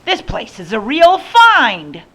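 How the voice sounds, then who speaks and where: A woman voicing a grumpy, sour old man in a storybook reading, talking in a gruff, contrary way. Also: high voice, huge pitch swings, takes it slowly, a bit bright, pitched above the performer's own voice, heavily acted.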